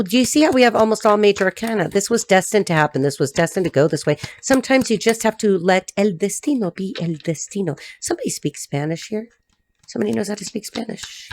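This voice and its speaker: A woman's voice: mid-range voice, dry recording. American lady doing a tarot reading, blunt and sweary, chatty, dry close sound. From United States. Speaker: tarot reader. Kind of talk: casual solo tarot reading to camera.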